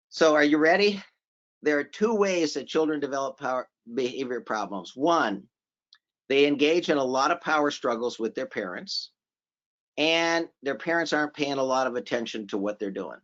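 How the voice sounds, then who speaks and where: Guy lecturing casually at a seminar, keeps repeating stuff for emphasis, middle pitch, kinda muffled audio. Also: expressive, normal speed, a bit bright. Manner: informal, repeats phrases for emphasis, asks the audience questions. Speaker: seminar presenter. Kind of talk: conversational lecture. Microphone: remote conference audio. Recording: slightly dull audio from a virtual conference.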